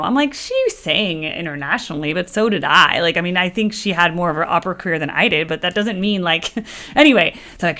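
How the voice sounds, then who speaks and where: A woman's voice: medium pitch, moderate pace, a bit bright. Chatty woman reacting to music. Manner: chatty and rambling, with many fillers and playful asides. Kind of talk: casual chat.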